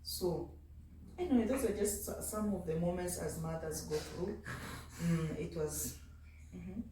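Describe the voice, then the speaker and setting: A woman with a lowish voice speaks unhurriedly in a home vlog, sounding tired as she chats and occasionally addresses her baby. She's a mother and vlogger, recorded from a distance in an echoey room with background noise.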